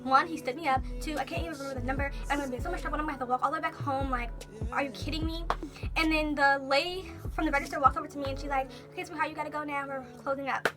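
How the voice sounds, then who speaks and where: Young woman, high voice, rapid storytime chat, animated, music behind. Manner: animated, talks fast with many fillers. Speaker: vlogger. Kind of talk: casual storytime monologue.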